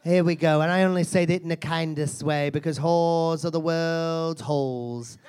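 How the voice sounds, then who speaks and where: A man's voice: fairly high pitch, steady tone, normal speed, a little mellow, smooth, natural voice. A man performing a brash, foul-mouthed female self-help seminar guru in a live comedy character act, mocking and insulting the audience.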